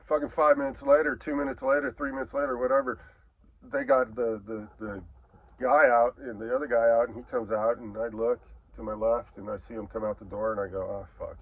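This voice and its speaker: A man's voice: medium pitch, little pitch movement, fairly quick. A middle-aged man telling a profane, rambling story in a casual way, adding sound effects. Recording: dull lo-fi recording.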